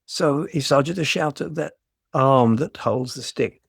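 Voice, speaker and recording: A man's voice: mid-range voice, a little slow, vocal fry, slightly rough, no echo, studio quality. An older man giving a dharma talk as a meditation teacher, reflective and storytelling, often restarting his phrases.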